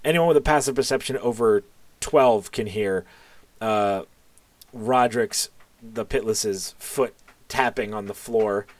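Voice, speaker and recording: A man's voice: on the low side, measured pace, no echo. A man narrating as game master in a tabletop game, hesitant with many fillers, over a voice call.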